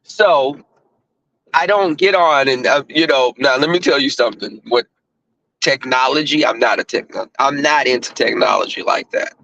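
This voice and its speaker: A man's voice: medium pitch, normal speed, gravelly, bright, forceful tone, dry recording, rough recording. A middle-aged man with a Southern US accent talks to viewers in a blunt, profane, casual monologue, full of fillers and restarts. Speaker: online talk host.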